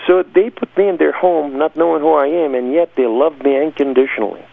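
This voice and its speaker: A man's voice: on the high side, brisk, vocal fry, no echo. A man giving an emphatic, dramatic personal testimony as an interview guest. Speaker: guest telling his testimony. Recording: dry, phone-like lo-fi sound.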